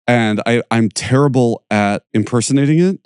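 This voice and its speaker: A man's voice: medium pitch, moderate pace, darkish tone, smooth, no room sound, studio quality. A man hosting a podcast, talking casually, searching for words and laughing often. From Pittsburgh area, USA. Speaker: podcast host and yoga teacher.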